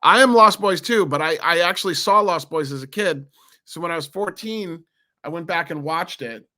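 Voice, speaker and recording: A man in his forties from New Jersey, a podcast guest telling stories in an animated, rambling way with many restarts. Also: fairly high pitch, normal speed. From New Jersey, USA. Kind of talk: casual interview storytelling.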